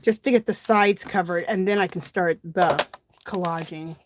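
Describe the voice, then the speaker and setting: A woman's voice: on the low side, normal speed, slight background noise. A middle-aged woman chatting casually on a home craft livestream, greeting viewers by name and a bit out of breath. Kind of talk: casual live-stream chat while crafting.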